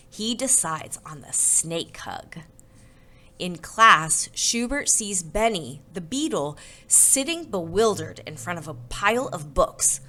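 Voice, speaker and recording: A woman reading a children's storybook aloud and then giving parenting tips, expressive and conversational. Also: lowish voice, slow. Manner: expressive, conversational, says "right?". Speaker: storybook reader and parenting presenter.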